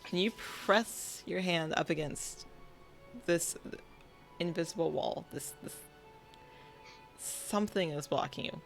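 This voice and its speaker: Woman game master, low voice, playful narration with sound effects, faint music behind. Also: takes it slowly, vocal fry, pauses often.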